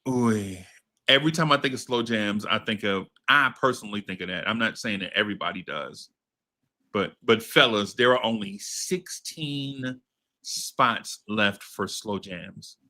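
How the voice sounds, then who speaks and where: A man's voice: on the low side, unhurried, bright, forceful tone. A man hosting a casual group music draft, playful and slangy, laughing often. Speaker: podcast host running a music draft. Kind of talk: casual group chat on a video call.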